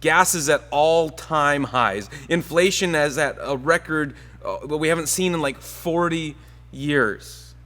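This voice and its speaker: Bright-voiced man preaching a sermon. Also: fairly high pitch, a little slow. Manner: storytelling, conversational, joking. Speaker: pastor.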